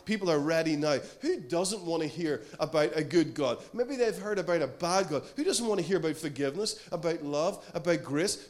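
A man preaching a sermon from Ireland, earnest and storytelling, often acting out the voices in his stories. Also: fairly high pitch. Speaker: pastor.

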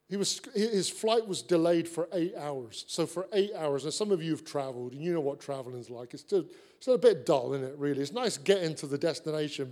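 A man preaching a sermon, an earnest and animated storyteller who likes repeated phrases. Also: fairly high pitch.

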